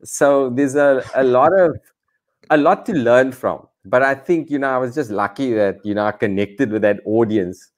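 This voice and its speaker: A man with a Cape Town accent, a comedian guest chatting casually on a video call from a garage rooftop, animated and self-deprecating with many restarts. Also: medium pitch, normal speed. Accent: Cape Town South African. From South Africa. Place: on top of a garage, outdoors.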